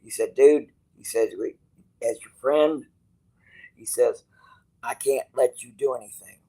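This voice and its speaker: A channel host talks to his viewers in a rough, gravelly yet mellow mid-range voice with fairly even intonation, stretching his words out at an unhurried pace. He rambles, restarts, performs other people's dialogue, and swears casually. The audio is poor.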